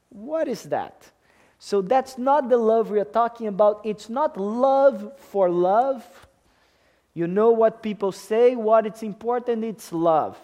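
Guy preaching in church, kinda high pitched, takes his time, leans hard on key words and keeps asking "right?". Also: expressive, slow pace, mellow. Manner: emphatic, asks the congregation questions. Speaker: pastor. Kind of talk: sermon.

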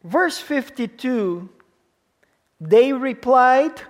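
A man's voice: sits high, lively intonation, slow pace. A pastor in his thirties preaching a sermon in English, his second language, with a foreign accent. He repeats key words for emphasis and keeps checking in with the congregation. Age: 30s.

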